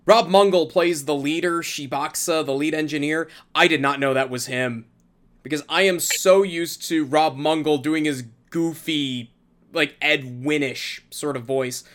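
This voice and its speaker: A man chats on a podcast, gushing with enthusiasm. His voice is bright and forceful. It also sits slightly higher than most men's. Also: a little slow. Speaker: podcast co-host. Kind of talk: casual podcast chat.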